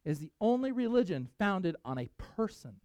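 A male pastor preaching to his congregation in a high, lively voice. He speaks emphatically, with big swings in pitch. The sound is dry and close. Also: brisk, no echo. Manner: emphatic, animated, conversational preaching. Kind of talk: sermon.

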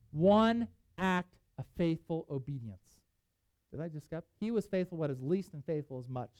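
A pastor preaching a sermon, telling a Bible story with animated delivery and reading scripture aloud. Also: medium pitch, no echo, rough recording.

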